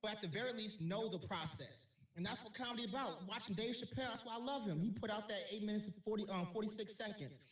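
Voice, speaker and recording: Man, high voice, animated comedian, swearing, echoey room. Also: fast talker, hardly any pauses, distant mic. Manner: animated, swearing, laughs often. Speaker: comedian guest. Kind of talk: casual podcast chat.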